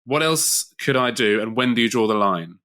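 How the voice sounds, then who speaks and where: A man's voice: mid-range voice, lively intonation, normal speed, sharp tone. A man co-hosting a podcast, reading out listener questions and responding in a friendly, casual way. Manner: friendly, reads questions aloud, brief affirmations.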